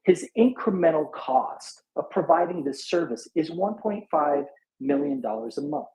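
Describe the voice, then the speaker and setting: This tired man, up all night, talks through rough numbers in a live audio chat room, thinking aloud haltingly with lots of fillers and false starts. His voice sits a little high and is expressive, recorded in an echoey room.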